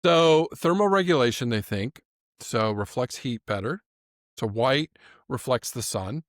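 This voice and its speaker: A man co-hosting a casual animal podcast, chatty and quick to laugh, often restarting his sentences. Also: mid-range voice, lively intonation, no echo, studio quality. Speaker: podcast co-host. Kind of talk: casual chat.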